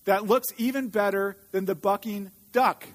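A man voicing a greedy, excited boy bear cub while reading a storybook aloud. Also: sits high, normal speed, big-room sound, lightly acted. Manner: whining, eager.

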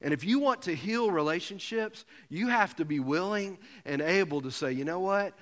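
A pastor preaching a sermon, telling a self-mocking story with humor. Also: male voice, high-pitched, animated, normal speed, fairly bright tone. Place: church sanctuary. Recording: long hall reverb.

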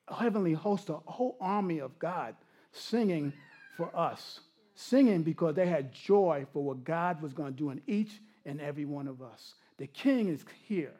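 A middle-aged man preaching a sermon, telling personal stories with frequent laughter and sliding from animated bursts into hushed, intimate passages. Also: sits high. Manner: animated storytelling that drops to hushed, intimate tones. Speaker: pastor.

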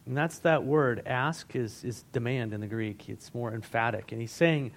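With a mid-range voice at normal speed and hardly any pauses, a pastor preaches in a conversational style. He asks the congregation questions and retells scripture in everyday language.

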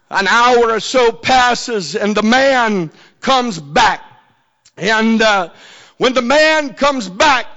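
A man preaching a sermon, telling a story slowly and building to shouted climaxes. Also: very high voice. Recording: dull lo-fi recording.

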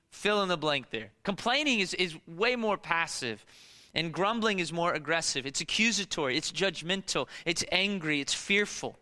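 Male pastor, bright and crisp, slightly high, emphatic sermon delivery with rhetorical questions. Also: expressive, normal speed, big-room sound. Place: church.

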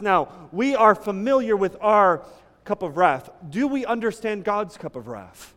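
High-voiced pastor preaching in an echoing hall. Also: male voice, a little slow. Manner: conversational, animated storytelling with the congregation. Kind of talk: sermon. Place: church sanctuary.

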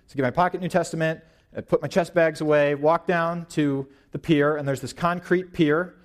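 A young man in his twenties giving an informal, animated sermon at church, pacing and gesturing as he talks. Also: fairly high pitch, moderate pace. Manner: paces and gestures while preaching, animated and informal. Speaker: young preacher.

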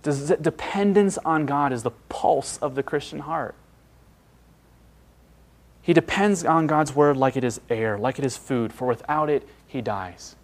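A man preaching a sermon, earnest and emphatic, with dramatic pauses and hushed drops. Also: on the high side.

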